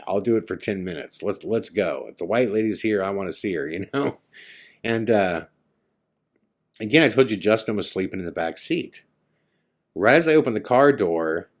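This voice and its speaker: A man hosting a podcast, retelling a night out in a casual, animated way, acting out his friends' lines and going quiet for the eerie parts. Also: on the low side. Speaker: podcast host. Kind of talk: casual storytelling.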